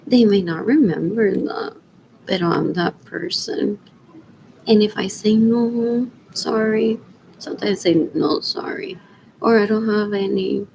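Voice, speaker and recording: A woman rambling through a solo livestream, mixing English and Spanish, drifting between loud talk and near-whispers and repeating questions to herself. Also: mid-range voice, fairly even intonation, normal speed, creaky, a little hiss or hum, low-quality recording. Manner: mixes English and Spanish mid-sentence.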